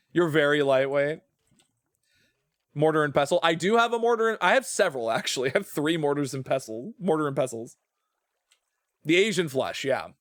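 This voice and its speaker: A male streamer plays a game while chatting casually with viewers, rambling, trailing off partway through sentences and laughing easily. His fairly high voice sounds close and dry, without echo.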